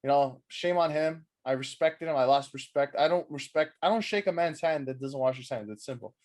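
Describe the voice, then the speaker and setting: A man's voice: on the high side, fairly quick, darkish tone. A man co-hosting a wrestling podcast, talking in a rambling, jokey way with plenty of swearing, tired from a night without sleep. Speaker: podcast co-host. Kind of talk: casual wrestling chat.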